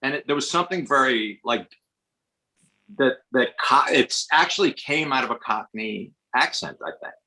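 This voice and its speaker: A man's voice: medium pitch, lively intonation, normal speed, bright, forceful tone, low-quality recording. A man from the US, an actor guest on a podcast, talking in a digressive way with many restarts. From Westchester, New York, US. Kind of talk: casual podcast conversation.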